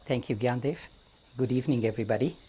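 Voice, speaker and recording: A man from India with an Indian accent, telling a story to a live audience in an amphitheater, speaking slowly and deliberately with wry humor. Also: medium pitch, dark tone, slight background noise. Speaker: guest storyteller.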